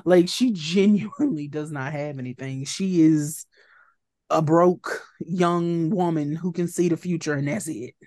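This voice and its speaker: A woman co-hosting a podcast in casual chat, animated, acting out quoted lines and laughing often. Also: deep voice, measured pace, no room sound, clean studio sound. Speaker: podcast co-host.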